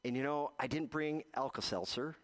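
A gentle baptism sermon comes from a man in a mid-range voice, preaching as pastor and telling stories punctuated by slow, drawn-out pauses.

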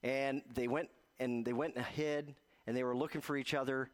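A man preaching a gentle baptism sermon as pastor, telling stories with slow, drawn-out pauses. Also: mid-range voice, steady tone.

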